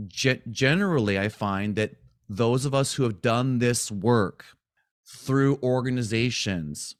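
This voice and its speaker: A man coaching a group, casually retelling a client's story, animated, often asking "right?". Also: mid-range voice. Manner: animated retelling, acts out quotes, frequent "right?". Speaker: spiritual coach.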